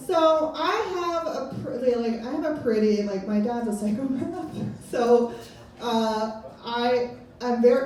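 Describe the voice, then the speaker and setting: A woman in her thirties doing stand-up comedy in a club, her slightly high voice rambling and self-mocking. She is caught from far off in a very echoey room. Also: darkish tone, slight background noise. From Pennsylvania. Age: 30s. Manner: rambling, self-mocking, laughing at own jokes.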